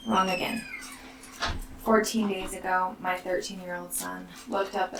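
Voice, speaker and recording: Slow gravelly woman telling her story. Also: lowish voice, flat delivery. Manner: slow, soft and halting, often near a whisper. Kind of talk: personal storytelling. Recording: roomy, distant mic, faint background noise.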